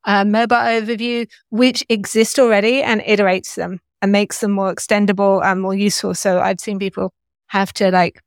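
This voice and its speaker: A woman speaking as a panelist on a podcast, thoughtful and measured in casual tech chat. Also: medium pitch, little pitch movement, no room sound, clean studio sound.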